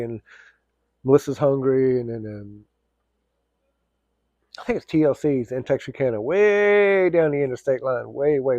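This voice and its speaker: A man's voice: medium pitch, warm tone, no echo, muffled recording. A man telling a casual, rambling story, full of fillers and restarts.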